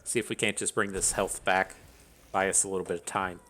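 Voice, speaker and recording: A man's voice: sits low, flat delivery, fairly quick, sharp tone. A man thinking aloud as he commentates his own card game, swearing freely and grumbling between plays. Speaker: gameplay commentator. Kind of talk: casual gameplay commentary.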